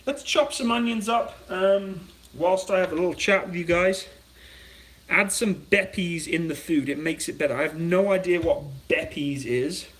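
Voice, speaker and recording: British man, slightly high voice, rambling livestream chat, cooking at home, mic a bit far off in an echoey room. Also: moderate pace, a bit bright. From Britain. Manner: rambling, chatty, reads viewer comments aloud. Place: home kitchen.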